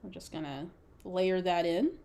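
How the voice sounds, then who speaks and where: Speaking a little slowly in a low, dark-toned voice, this woman runs a casual scrapbooking livestream. She keeps up playful chatter with her viewers and laughs frequently as she works.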